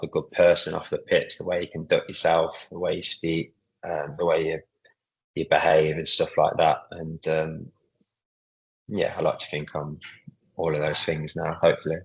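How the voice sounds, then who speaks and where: A man in his thirties, a footballer and club captain, chatting casually in a podcast interview, relaxed, with lots of fillers. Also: rumbling low, vocal fry, slightly rough, lo-fi sound. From England.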